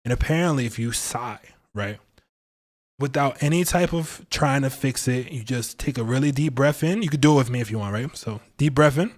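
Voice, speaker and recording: A man's voice: medium pitch, moderate pace. Playful slangy man streaming tarot. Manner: playful, slangy, laughs often. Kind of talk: casual livestream tarot talk.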